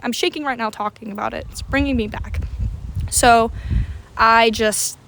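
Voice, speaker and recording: A woman's voice: a little high, steady tone, normal speed, gravelly, fairly bright tone. A young adult woman vlogger telling a story to camera in a casual, dramatic way, swearing freely.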